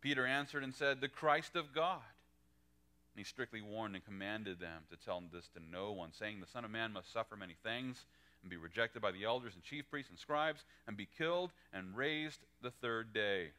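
Male pastor, bright forceful voice, animated sermon delivery, quoted lines acted out. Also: moderate pace. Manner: animated, acts out quoted lines with pitch jumps. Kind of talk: verse-by-verse sermon.

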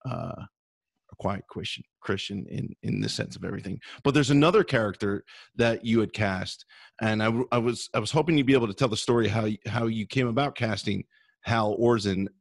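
A man hosting an interview, asking questions haltingly with many restarts. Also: fairly low pitch, gravelly, no room sound, studio quality. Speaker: interview host.

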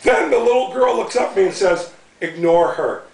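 A man's voice: extremely high pitch, fast, vocal fry, darkish tone. Laughing man reading his book aloud. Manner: amused, breaking into laughter while reading. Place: bookstore in front of a live audience. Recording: roomy, from a distance.

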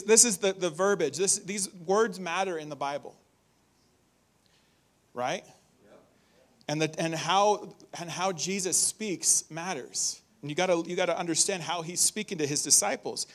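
A man preaching a conversational, animated sermon in a church, reading scripture and acting out warnings. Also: sits high, moderate pace.

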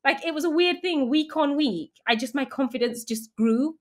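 A woman chats as a guest, spilling her story in a quick, lively rush with plenty of likes and restarts. Her voice sits on the higher side and bounces around. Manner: animated storyteller, many fillers and restarts. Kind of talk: casual interview chat.

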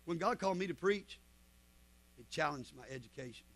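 A man's voice: on the high side, expressive, fairly quick. A man with a Southern US accent preaching a sermon as pastor, telling stories and punctuating with amens. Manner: preaching with frequent amens, storytelling.

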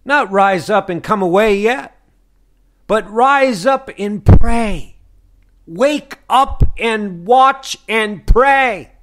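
A man's voice: sits high, extremely slow, a bit bright. A man preaching a fervent sermon on a broadcast, pressing listeners with repeated questions.

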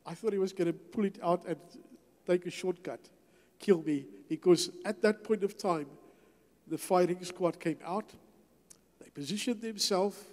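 A man's voice: sits high, moderate pace, a little mellow. Older man telling a testimony, reverberant hall. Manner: storytelling, acts out dialogue. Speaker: guest speaker. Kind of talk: testimony sermon. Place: church hall.

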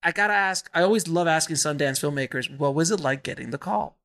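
A man hosting a podcast interview, talking in animated, restarting bursts and laughing often. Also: on the high side, fast talker. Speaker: podcast host. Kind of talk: casual interview chat.

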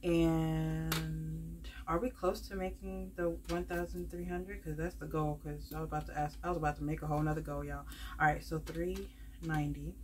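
Low-voiced rambling woman vlogger. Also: level tone, normal speed, a little hiss or hum. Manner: rambling, many fillers, calls viewers "y'all". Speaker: budgeting vlogger. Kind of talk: casual chatty vlog to viewers.

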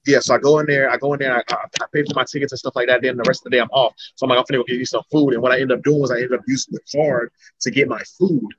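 A man's voice: medium pitch, fairly even intonation, rapid-fire, few pauses, fairly bright tone. A young man from Florida, an MMA fighter telling his story in a rambling, casual interview. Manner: rambling, restarts sentences often. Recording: dull lo-fi recording.

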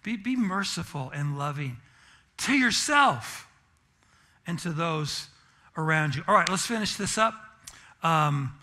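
A man's voice: on the high side, animated, moderate pace, pushed and bright. A pastor preaching a sermon in church and telling a self-deprecating, humorous story about his family.

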